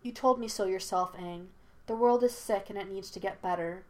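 A soft-spoken young woman, as a woman reader plays her, gentle yet firm. She keeps her voice low and quiet, at a middle pitch. Storybook reading. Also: normal speed, lightly acted.

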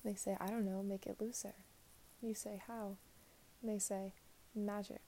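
A young woman giving a reflective spoken monologue, her voice soft and drifting in and out of a whisper. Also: mid-range voice, little pitch movement, normal speed, slight background noise.

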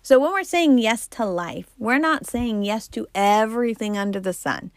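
A woman's voice: on the high side, normal speed, no room sound, clean studio sound. A woman in her forties hosting a podcast, telling personal stories in a candid, chatty way and laughing often. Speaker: podcast host. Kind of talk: personal storytelling talk.

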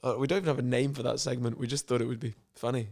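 A man's voice: medium pitch, steady tone, rapid-fire, gravelly, a little mellow. Giggly sarcastic male co-host. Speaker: podcast co-host. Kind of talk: casual comedic chat.

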